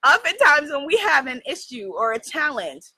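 A woman hosting a casual chat with her viewers, telling a story in an animated way, laughing often and asking "right?". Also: high-pitched, moderate pace, no echo. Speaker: host addressing her viewers.

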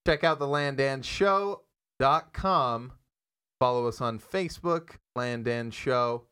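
A man hosting a podcast, joking and self-deprecating with his guest before a brisk promotional sign-off. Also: medium pitch, fairly bright tone, clear, resonant tone. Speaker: podcast host. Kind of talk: casual podcast chat.

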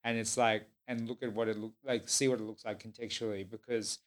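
A man's voice: fairly low pitch, little pitch movement, a little fast, a little hiss or hum. Rambling male podcast host. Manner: rambling, with many fillers. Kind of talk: casual podcast chat.

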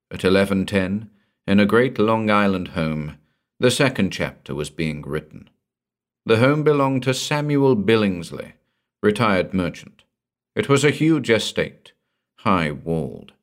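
A man narrating a pulp crime story aloud in a tense, dramatic reading. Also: low voice.

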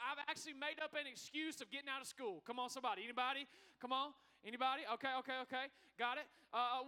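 A man preaches a sermon, his voice very high and piercingly bright. He rattles along at a quick clip and keeps calling out to the congregation for answers. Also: clean tone. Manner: energetic, calls out to the congregation for responses. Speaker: pastor. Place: church sanctuary.

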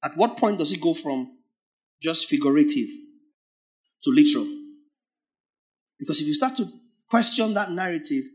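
A man's voice: fairly high pitch, fairly bright tone. A man preaching a sermon, teasing his listeners with rhetorical questions.

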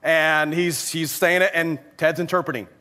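Bright high-voiced man preaching. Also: normal speed. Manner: animated storyteller who laughs at his own anecdote. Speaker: pastor. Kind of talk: sermon storytelling.

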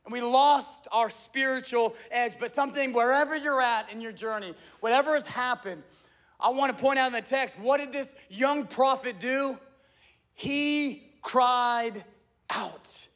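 A young male pastor delivers a sermon in a strikingly high voice. He leans on repetition and builds to fervent, ringing appeals. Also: unhurried, fairly bright tone. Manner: rises to impassioned crying out, repeats phrases for emphasis.

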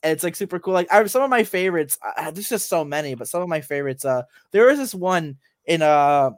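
A man talks casually on a podcast, restarting his sentences and leaning on fillers as he goes. His voice sits a little high, and it is recorded dry and close with no room sound. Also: lively intonation, a little fast, no echo. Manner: rambling, many fillers and restarts. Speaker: podcast co-host. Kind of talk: casual chat about games and anime.

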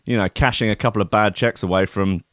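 A man's voice: lowish voice, steady tone, fast talker, fairly bright tone, dry recording, clean studio sound. Rambling, profane male host. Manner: rambling, profane, playful mock-cockney bits. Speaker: show host. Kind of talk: casual comedic monologue with swearing.

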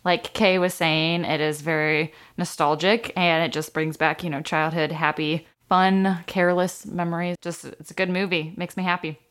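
A woman with a fairly low voice, speaking as a guest on a casual movie podcast. Her answers come across as laid-back and easygoing. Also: steady tone, normal speed, hardly any pauses, fairly bright tone, clear, resonant tone.

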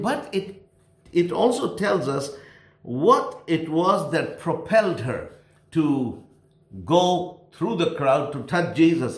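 A man's voice: on the high side, echoey room. A man preaching a sermon with emphasis, repeating key phrases for stress.

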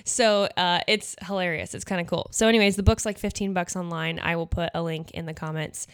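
A woman's voice: lowish voice, steady tone, brisk, clean tone. A young woman from the Midwest hosting a podcast, talking casually and chattily with lots of fillers and asides. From Nebraska. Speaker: podcast host and pageant coach. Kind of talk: casual solo podcast talk.

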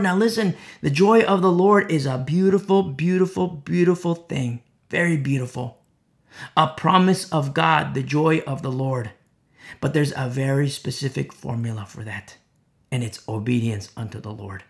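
A man preaching an expository Bible sermon in a fairly high voice. He repeats his key phrases and swings from loud, fervent peaks down to hushed, low asides. He has the urgent delivery of a preacher pressing his point. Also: moderate pace, vocal fry.

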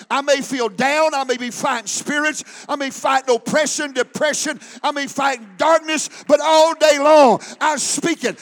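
Very high-voiced fervent male preacher. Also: fairly even intonation, moderate pace, few pauses, fairly bright tone. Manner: fervent, call-and-response preaching. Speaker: pastor. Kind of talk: sermon. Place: church service.

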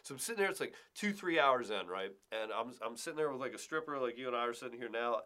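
A young man co-hosting a podcast, telling a story in a casual, animated way and swearing freely. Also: mid-range voice, fast talker. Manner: animated, swears a lot, acts out quotes. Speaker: podcast co-host.

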